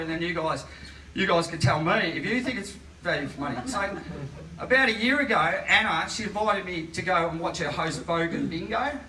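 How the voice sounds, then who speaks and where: A man's voice: high-pitched, bright, forceful tone. A man in his forties with an Australian accent, telling rambling stand-up stories full of fillers to a live crowd. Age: 40s. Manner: rambling, filler-heavy storytelling. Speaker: stand-up comedian. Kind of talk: stand-up comedy. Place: live comedy venue. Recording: echoey venue, distant mic, noisy. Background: audience laughter.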